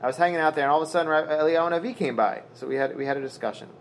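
A man's voice: on the high side, very fast, a little hiss or hum. Casual man teaching Talmud, translating as he goes. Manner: casual storytelling, translating Aramaic phrase by phrase, many fillers.

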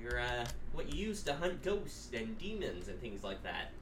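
A man's voice: mid-range voice, big pitch swings, normal speed, roomy sound, recorded from a distance, noisy background. A man running a tabletop role-playing game as game master, often hesitating and searching for words.

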